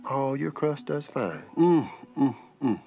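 A man's voice: lively intonation, slow pace, gravelly. A man with a Southern accent voicing chattering Southern family relatives, mostly women, passing dishes at supper. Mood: chatty. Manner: folksy, overlapping table chatter, raised falsetto pitch. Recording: slightly muffled, faint music.

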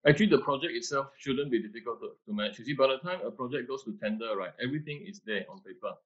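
A man, an architect answering interview questions over a video call, halting and restarting often. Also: mid-range voice, breathy edge. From Malaysia. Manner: hesitant, many restarts and fillers. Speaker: architect, panel guest. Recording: muffled video-call audio.

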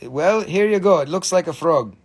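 A man hosting a live-stream mineral sale, gushing excitedly over each stone, swearing freely and calling out prices. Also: a little high, moderate pace, husky. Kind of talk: live-stream sales chat.

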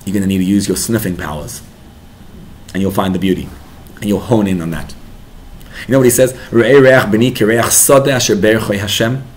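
A man's voice: on the low side, fairly even intonation, fairly quick, long pauses, a little hiss or hum. A man giving a Torah class to parents as a rabbi, talking animatedly and building to emphatic bursts.

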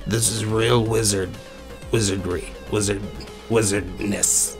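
A man doing a muddled wizard, low and gravelly. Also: fairly even intonation, slow, soft background music. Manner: confused, rambling, boastful. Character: forgetful, bumbling old male wizard animal. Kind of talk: comedy skit voice acting.

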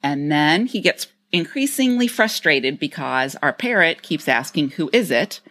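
A woman's voice: low voice, lively intonation, unhurried, a bit bright. A woman co-hosting a podcast, explaining things step by step and playfully imitating lines. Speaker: podcast co-host. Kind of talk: casual chat.

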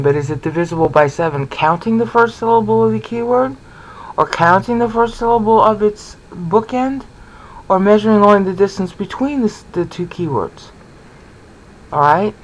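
A man teaching a lecture on scripture, animated, often repeating words and checking in with rhetorical questions. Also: sits high, poor audio. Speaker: Bible teacher.

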